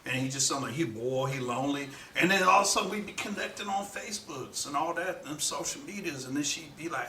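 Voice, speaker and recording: A man's voice: on the high side, animated, fast talker, few pauses, pushed and bright, reverberant. A man co-hosting a podcast, joking in a put-on persona who talks about himself in the third person with broken grammar. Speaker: podcast co-host. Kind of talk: comedic in-character banter.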